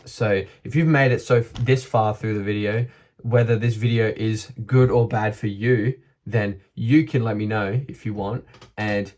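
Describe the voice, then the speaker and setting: A man's voice: fairly low pitch, darkish tone. A man talking casually and earnestly to camera in a motivational vlog, upbeat and thinking aloud as he goes. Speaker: vlogger.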